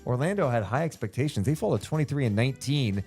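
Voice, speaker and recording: A man's voice: medium pitch, animated, fast talker, a little mellow, faint music behind. A man co-hosting a casual basketball podcast, reading out stat lines and running a playful guessing game. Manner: runs through stats conversationally, playful quiz host. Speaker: podcast co-host. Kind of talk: casual sports podcast chat.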